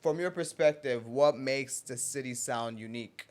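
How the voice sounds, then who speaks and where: A man co-hosting a casual podcast, soft-spoken and agreeable, asking short questions. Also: medium pitch, moderate pace.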